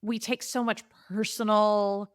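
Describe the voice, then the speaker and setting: A woman with a middle pitch talks money in a dry, close-miked sound. She is emphatic and direct, and her pace jumps when she mimics others. It is relaxed, casual interview talk. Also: smooth, dry recording. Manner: emphatic, quick bursts when quoting others. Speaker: money coach, podcast guest.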